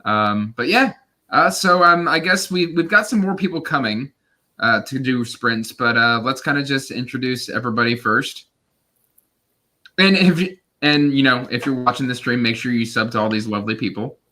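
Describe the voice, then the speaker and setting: A man hosts a casual livestream with a bright, forceful tone. He chats loosely and pokes fun at himself, hesitating with plenty of fillers. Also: mid-range voice, moderate pace. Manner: chatty, self-deprecating, hesitant with fillers. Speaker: livestream host. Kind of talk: casual chat.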